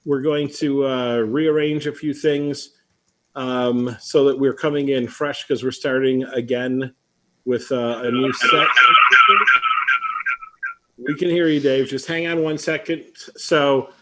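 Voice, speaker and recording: A man hosting a live online event, chatting casually and telling a story with lively asides. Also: mid-range voice, slow pace, noisy background. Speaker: host. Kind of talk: casual live-stream chat.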